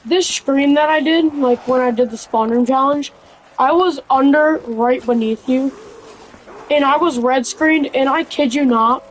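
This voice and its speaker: A woman with a high, youthful-sounding voice chats in a relaxed, casual way over a headset while playing. Faint noise hangs in the background. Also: unhurried, low-quality recording. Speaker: gamer. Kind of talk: casual chat while gaming.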